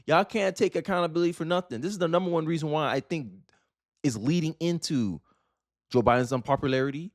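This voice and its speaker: Young male host doing sarcastic, animated political commentary; dry, close-miked. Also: fairly high pitch, fast talker, dry recording. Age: young adult, 18 to 29.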